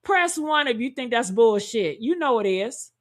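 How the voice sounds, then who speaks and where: A woman giving heated, profane reaction commentary, talking loudly and indignantly and calling out to her viewers. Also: fairly high pitch, expressive, moderate pace. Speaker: commentary streamer.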